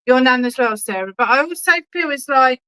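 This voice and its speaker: Bright, clear-voiced woman medium. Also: high voice, lively intonation, a little fast, rough recording. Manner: chatty and reassuring, keeps checking in with "okay?"; affectionate, calls people darling. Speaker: spiritualist medium. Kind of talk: clairvoyant readings at an online church service.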